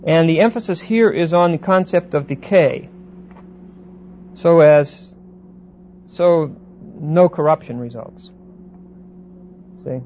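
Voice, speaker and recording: A man lecturing a Bible class, pausing and repeating words and often checking that students follow. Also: a little high. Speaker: Bible teacher. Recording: dull lo-fi recording with faint hiss.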